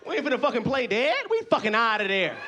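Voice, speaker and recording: A man performing loud, profane stand-up comedy on a club stage, often shouting. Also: extremely high pitch, big pitch swings, fast talker, music in the background.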